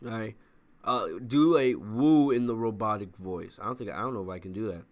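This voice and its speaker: A man's voice: on the low side, a little fast. A man hosting a wrestling review channel, talking in a casual, rambling way and often checking in with "all right?".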